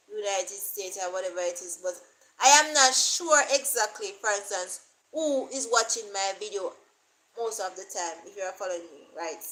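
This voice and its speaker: A woman's voice: medium pitch, fairly bright tone, poor audio. Jamaican woman vlogger, rambling chat. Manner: rambling, repeats herself, thinks aloud. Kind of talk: casual talk to camera.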